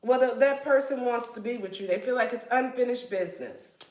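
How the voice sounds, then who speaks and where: A woman's voice: on the high side, fairly quick, a little mellow. A woman giving a casual tarot reading in a blunt, slangy way and swearing freely. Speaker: tarot reader. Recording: echoey room.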